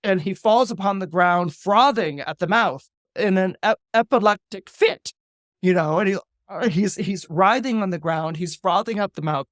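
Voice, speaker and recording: A man, an astrologer guest on a podcast, retelling a Greek myth in a lively, dramatic way with casual asides. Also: high voice, moderate pace, dry recording, studio quality. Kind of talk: animated myth storytelling on a podcast.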